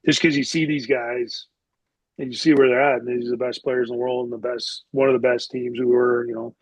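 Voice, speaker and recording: A man's voice: medium pitch, flat delivery, fairly quick, no room sound, poor audio. A middle-aged man telling stories as a podcast guest, rambling and swearing casually with lots of "like". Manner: rambling, profane, heavy use of "like". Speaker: podcast guest, former hockey player. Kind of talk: casual storytelling interview.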